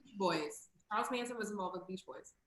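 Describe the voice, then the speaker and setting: A brash, playful woman co-hosts a comedy stream with a bright, sharp voice. She jokes at her own expense while plugging shows and donations, and the room behind her rings with a roomy echo. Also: mid-range voice, a little fast. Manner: brash, playful, self-deprecating. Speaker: comedy show co-host. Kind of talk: casual comedic banter and show plugs.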